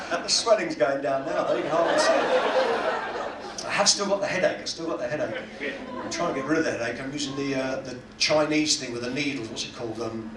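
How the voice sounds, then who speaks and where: A man's voice: mid-range voice, very animated, brisk, a loud crowd, very noisy. A man with a British accent doing stand-up comedy in a cruise ship cabaret lounge, self-deprecating and teasing the audience. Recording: echoey room, heard from a distance.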